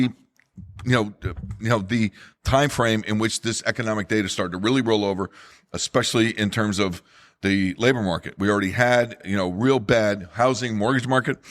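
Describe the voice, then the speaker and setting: A middle-aged man with a New Jersey accent hosts a solo economics podcast, speaking with urgency and emphasis and repeating figures to drive them home. His voice is mid-range and fairly bright.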